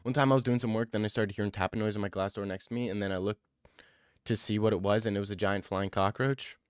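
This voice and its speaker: A man's voice: lowish voice, fairly even intonation, quick pace, clear, resonant tone, dry recording, clean studio sound. A young man chatting casually on a livestream, rambling and joking with slang. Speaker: streamer.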